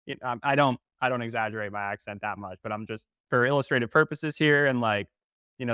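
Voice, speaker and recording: A man from North Carolina with a Southern accent, hosting a podcast in casual interview chat and telling stories with lively asides. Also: mid-range voice, fast talker, clear, resonant tone, dry recording, clean studio sound. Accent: Southern American. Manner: animated storyteller who acts out quoted voices; restarts and fillers, conversational. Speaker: podcast host.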